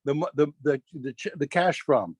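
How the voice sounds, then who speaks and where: A man teaching a daf yomi Talmud class, animated, restarting phrases and quizzing his students. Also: fairly high pitch, normal speed, breathy edge, no echo.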